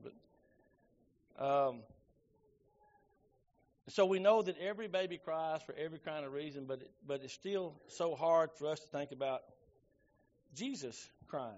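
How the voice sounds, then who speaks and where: A man's voice: fairly high pitch, dull audio. A middle-aged man, preaching a sermon in a folksy storytelling way. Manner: folksy storytelling with Southern phrasing. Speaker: pastor.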